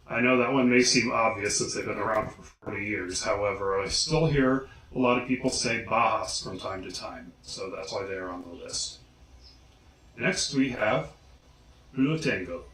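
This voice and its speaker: Guy vlogging, says each name slow and careful, roomy sound. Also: fairly low pitch, fairly bright tone. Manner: slow, deliberate enunciation of names. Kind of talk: casual pronunciation guide. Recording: echoey room.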